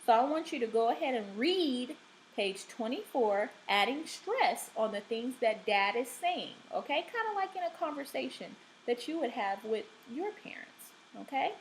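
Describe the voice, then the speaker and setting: A woman teacher giving a recorded reading lesson, speaking deliberately and checking in often with the class. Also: a little high, animated, slight background noise, poor audio. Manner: slow, deliberate, checks in with frequent "okay?".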